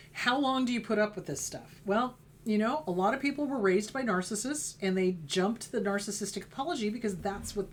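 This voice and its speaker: A woman's voice: mid-range voice, slight background noise. A middle-aged woman therapist giving an educational talk, emphatic and mocking in her acted-out quotes. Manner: emphatic, acts out quoted apologies in mocking voices. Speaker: therapist host.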